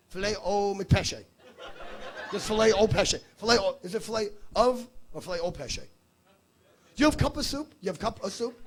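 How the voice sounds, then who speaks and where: A man doing stand-up crowd work, brash and teasing with a profane edge. His voice sits high for a man and swings widely in pitch, with a gravelly rasp. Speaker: stand-up comedian. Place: comedy stage before a live audience.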